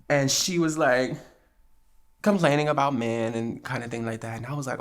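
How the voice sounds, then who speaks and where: A podcast host from New Jersey, this woman has a very deep voice and speaks at normal speed. Her casual storytelling comes with frequent laughs and animated renditions of what people said.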